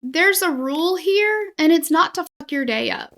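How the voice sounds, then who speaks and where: A woman's voice: very high voice, lively intonation, moderate pace, fairly bright tone. A woman with a slight cold co-hosting a casual true-crime podcast, making wry, emphatic asides. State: slight cold, itchy nose. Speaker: podcast co-host.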